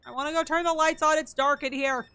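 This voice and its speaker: Bright-voiced chatty woman streamer. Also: high voice, steady tone, fast. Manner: chatty, muttering counts and items while playing. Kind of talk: casual gameplay streaming chat.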